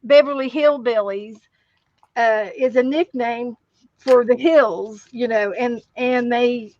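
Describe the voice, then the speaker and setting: A woman with a West Virginia accent hosting a casual livestream chat, telling stories slowly with many restarts. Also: on the high side, steady tone, darkish tone, no echo, highs cut off. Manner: slow, rambling storytelling with many restarts. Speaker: livestream host.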